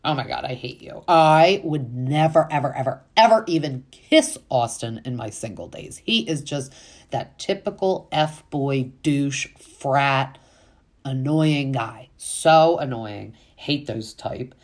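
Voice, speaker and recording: Very low-voiced woman recapping TV. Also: expressive, slow. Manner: chatty, filler-heavy, exasperated asides. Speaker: reality TV recap host. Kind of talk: casual recap chat.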